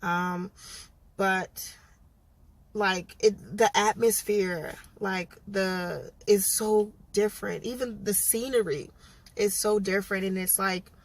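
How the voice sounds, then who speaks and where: A woman's voice: medium pitch, steady tone, slow pace. Chatty young woman vlogging, frank. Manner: frank and chatty, lots of ums and likes. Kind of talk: casual vlog chat.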